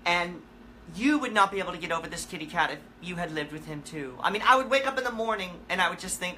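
Woman, comic host in character, deadpan and rambling, bright edge to a lowish voice. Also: a little hiss or hum. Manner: absurd deadpan storytelling, halting restarts. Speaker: comedic musician persona hosting a live Q&A. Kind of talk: rambling comic livestream chat.

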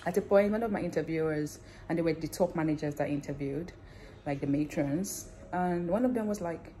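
A woman nurse in a casual vlog, sharing her news excitedly and laughing often as she talks straight to her viewers. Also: low-pitched, a little fast, slight background noise. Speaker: nurse and theatre manager.

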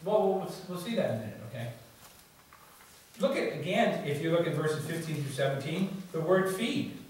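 A man's voice: a little high, lively intonation, moderate pace, darkish tone. A male pastor preaching a sermon in a conversational way, often adding "you see" and "okay?", recorded in a church. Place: church sanctuary. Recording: very echoey church, distant mic, faint noise.

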